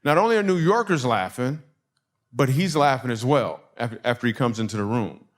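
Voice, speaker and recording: A Michigan man performs a stand-up set, telling a story and acting out the people in it to audience laughs. His mid-range voice moves briskly with lively intonation.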